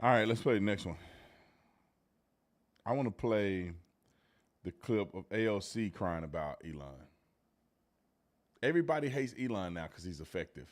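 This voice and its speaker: A man hosting a live political commentary show, talking in a mocking, slangy way that swings between loud outbursts and low muttered asides. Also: animated, moderate pace, long pauses.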